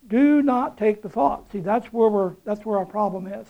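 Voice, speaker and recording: Folksy preacher man with a mellow voice. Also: sits high, moderate pace, poor audio. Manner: folksy storytelling with chuckles and emphatic repetition. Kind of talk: sermon.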